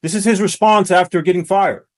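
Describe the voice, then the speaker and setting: A man hosting a reaction commentary, talking in a preachy, emphatic way that rises to shouts. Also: high voice, steady tone, a little fast. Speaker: commentary host.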